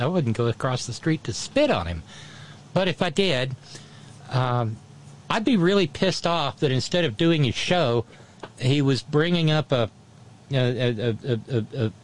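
A man hosting a commentary show, blunt and biting, with plenty of sarcasm. His pitch sits in a middling range for a man. He speaks casually and swears freely. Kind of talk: political commentary.

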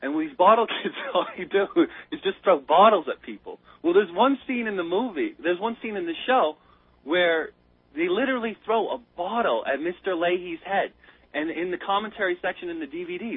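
A man calls in over a thin, tinny phone line, his voice husky and pitched a little high. He tells his story in an excited, rambling rush, stumbling and restarting as he goes, and the sound is dry and close. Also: fairly quick, no echo. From United States. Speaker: caller. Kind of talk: casual chat.

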